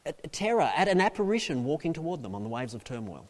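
A man preaching from the pulpit, his voice sitting a bit higher than most men's. His delivery is dynamic, moving between loud, emphatic peaks and quiet, intimate asides. A long reverb trails his words through the hall. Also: sing-song, quick pace. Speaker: pastor. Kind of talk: sermon.

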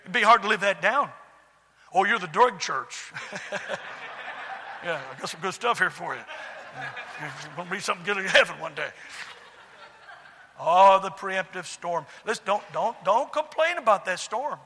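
A man's voice: high voice, lively intonation, a little fast, pauses often, sharp tone, a little hiss or hum. A middle-aged man preaching a sermon, telling folksy stories with many fillers and restarts. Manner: folksy storytelling, repetitive, frequent fillers and restarts. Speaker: pastor. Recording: long hall reverb.

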